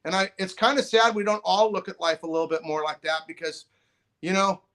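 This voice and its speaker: Fairly quick and high-sitting, a middle-aged man's voice carries a long, rambling story on a podcast where he's a guest. He keeps restarting and acts out others' lines in lively voices, in a casual storytelling mode.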